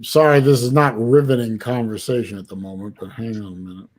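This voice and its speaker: A man hosting a casual livestream chat, talking in halting bursts with many restarts. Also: mid-range voice, steady tone, a little hiss or hum. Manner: halting, many restarts while fiddling with an app. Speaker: livestream host.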